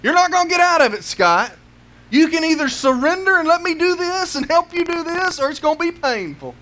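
A man's voice: very high-pitched, very animated, unhurried, pushed and bright, full character voice. A man preaching a sermon voices God as stern but patient. He speaks firmly and coaxingly, then turns insistent.

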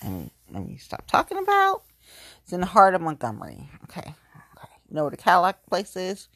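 A woman's voice: fairly low pitch, wildly swooping pitch, brisk, fairly bright tone, no echo. A woman in her late thirties chatting casually as a vlogger, rambling and gushing, repeating herself, a little tipsy. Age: late 30s. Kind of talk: casual chat.

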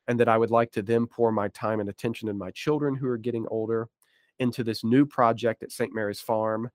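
A man's voice: on the low side, no echo, clean studio sound. A man co-hosting a podcast, chatting casually with self-deprecating jokes. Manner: joking, self-deprecating asides. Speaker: podcast co-host.

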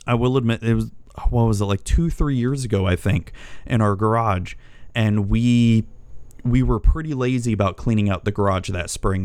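Low, smooth-voiced man ranting. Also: no echo. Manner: profane, rambling, exasperated storytelling. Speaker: vlogger. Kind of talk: casual rant. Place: home.

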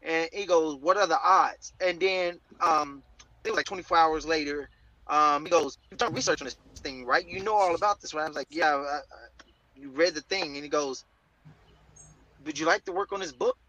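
An excitable man tells a story in a bright, forceful voice, a little higher than most men. He is a guest on an interview show and keeps acting out the other voices in his tale. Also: moderate pace, low-quality recording. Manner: excitable, acts out quoted voices. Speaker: guest comics writer. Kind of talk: animated storytelling.

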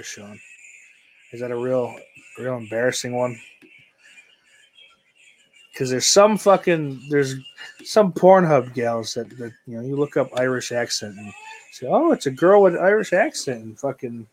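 A man's voice: mid-range voice, unhurried, pauses often. Profane rambling man streaming. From United States. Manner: profane, rambling, trails off into mumbles. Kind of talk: casual rambling stream chat.

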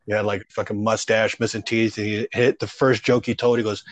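Man, stand-up comic, rambling anecdote, lots of fillers and swearing, lowish voice, dry close sound. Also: level tone, brisk, hardly any pauses, dry recording. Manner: loose, rambling, profane, heavy on fillers. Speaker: stand-up comedian. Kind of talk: casual storytelling interview.

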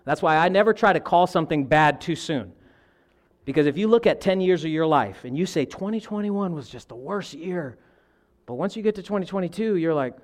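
High-pitched, animated preacher man. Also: fairly quick. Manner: animated preaching, addresses the congregation as y'all. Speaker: pastor. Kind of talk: sermon.

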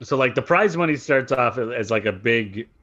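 Bright-voiced man with dry jokes. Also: mid-range voice, animated, moderate pace, muffled recording. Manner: dry, joking asides. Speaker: podcast co-host. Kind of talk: casual chat.

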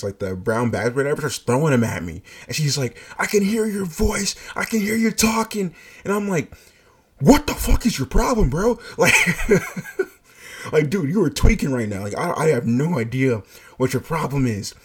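A man with a husky voice recounts a work story in casual, animated speech. He swears freely and breaks into laughter throughout. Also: medium pitch. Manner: animated, profane, laughing asides. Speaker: fast-food shift lead.

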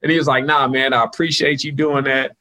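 Guy telling work stories in a chill interview, normal pitch, gets loud and high doing other people's lines. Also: a little fast, poor audio. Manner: animated storyteller, jumps higher and louder when quoting people. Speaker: guest, sports PR consultant. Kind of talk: casual storytelling interview.

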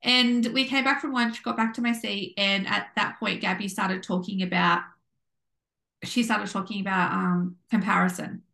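A woman co-hosting a podcast, telling a story in a bubbly, animated way and acting out what people said. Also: mid-range voice, moderate pace, creaky. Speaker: podcast co-host. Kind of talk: casual chat. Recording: echoey room.

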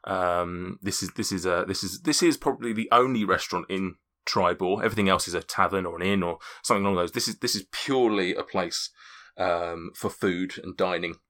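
A man narrating a tabletop game as game master, halting with many fillers and restarts. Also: low-pitched, bright, forceful tone.

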